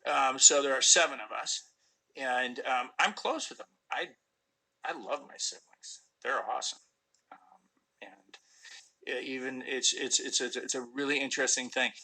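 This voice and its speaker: Gravelly middle-aged man rambling on a live stream. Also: medium pitch, normal speed, sharp tone, poor audio. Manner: rambling, many fillers and restarts. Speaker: actor answering fan questions. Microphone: phone.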